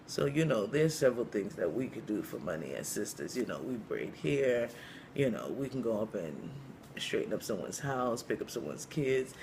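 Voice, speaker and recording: A man's voice: mid-range voice, big pitch swings, moderate pace, gravelly, darkish tone, slight background noise. Rambling man telling a long joke. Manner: rambling, many you-knows and uhs. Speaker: comedian storyteller.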